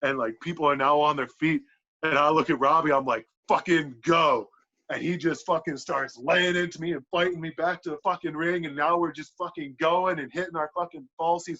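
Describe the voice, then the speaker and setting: A man on a podcast telling a wrestling story in casual, animated talk, swearing a lot and filling with "like". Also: fairly high pitch, fairly quick. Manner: animated, profane, lots of "like" fillers. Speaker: podcast guest, pro wrestler. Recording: dull lo-fi podcast audio.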